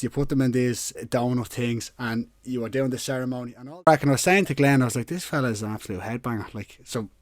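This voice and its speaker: A man's voice: mid-range voice, dry recording, clean studio sound. A man hosting a podcast in a loose, slangy way, swearing and laughing as he sets up questions. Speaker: podcast host. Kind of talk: casual interview.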